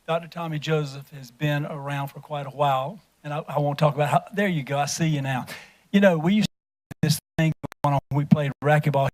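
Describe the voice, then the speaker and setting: A man speaks at a county council meeting, telling folksy, humorous stories in tribute. His voice sits slightly high, and he laughs easily between lines. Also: steady tone, brisk. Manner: folksy, jokey storytelling, laughing often. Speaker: council member. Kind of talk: anecdotal tribute speech. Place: council chamber.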